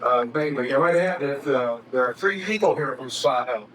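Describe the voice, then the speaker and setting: A man's voice: medium pitch, moderate pace, a bit bright, a little hiss or hum, poor audio. A man speaking earnestly at a seminar, praising the event.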